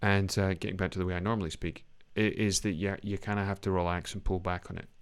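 A man's voice: sits low, quick pace, smooth. British man coaching actors emphatically. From Britain. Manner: animated, emphatic, demonstrates lines. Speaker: acting coach. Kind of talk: critiquing a scene in class.

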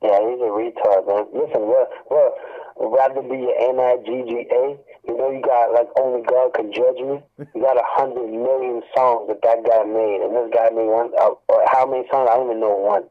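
A man, a rapper, talking casually in an interview, relaxed and slangy, tagging "man" onto his sentences. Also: mid-range voice, normal speed. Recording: tinny phone-like line.

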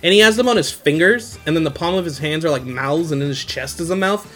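A man's voice: on the high side, fast, bright, forceful tone. A young man hosting a podcast, recapping an anime in casual, slangy chat and laughing often. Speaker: podcast host.

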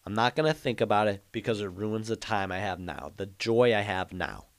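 A man's voice: fairly low pitch, expressive, moderate pace. A young man hosting his own podcast, talking alone in a rambling, joking, ranting way. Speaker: podcast host. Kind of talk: casual solo monologue.

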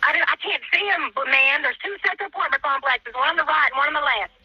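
A woman's voice: high voice, fast, dry recording. A panicked woman in her forties on an emergency call, pleading for help and repeating herself, close to tears. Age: 40s. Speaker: emergency caller. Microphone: phone. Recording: dull phone line, dry.

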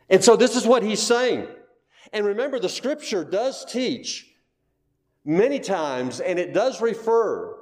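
A man's voice: sits high, darkish tone. A man preaching a sermon to his congregation, emphatic, asking rhetorical questions and repeating key phrases. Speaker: pastor.

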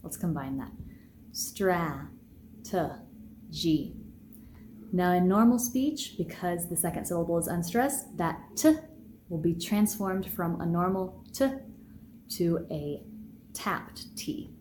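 A woman teaching pronunciation in a podcast lesson, saying each sound slowly and deliberately. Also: on the low side, animated, darkish tone, slight background noise. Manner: slow, deliberate, carefully enunciated sounds.

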